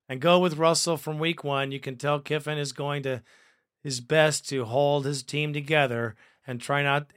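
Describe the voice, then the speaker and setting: A man hosting a fan podcast, reading listener comments aloud in a profane, excitable way and laughing often. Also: fairly high pitch, smooth, no room sound, clean studio sound.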